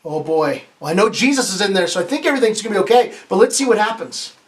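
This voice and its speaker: A man's voice: sits high, expressive, quick pace. A man, a pastor, reading a children's picture book aloud with playful asides, asking the kids questions and having them repeat lines. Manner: playful asides, some stumbles and restarts. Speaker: pastor hosting a kids' story time.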